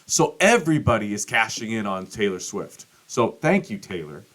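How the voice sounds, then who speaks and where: Man, middle-aged, podcast host, casual monologue, rambling, profane, animated quotes. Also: moderate pace. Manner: acts out quotes with big pitch jumps.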